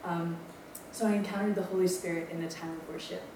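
A woman in her twenties from Maui, Hawaii, working with a campus ministry, speaks low and fairly quick with fairly even intonation. She tells her testimony chattily, putting herself down and saying um a lot. Echo, a distant mic, and background noise fill the lecture-room recording.

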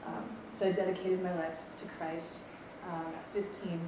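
Young woman from hawaii, campus ministry staff, rambly self-deprecating testimony, lower voice, echoey room, mic far off. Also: little pitch movement, moderate pace. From Maui, Hawaii. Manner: chatty, self-deprecating, many ums. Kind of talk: personal testimony talk. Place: lecture room. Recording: echoey room, distant mic, background noise.

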